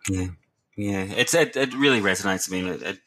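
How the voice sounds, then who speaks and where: A man's voice: lowish voice, a little fast, fairly bright tone. A man, a researcher and former youth worker, talking earnestly and reflectively in a podcast discussion, often restarting his words.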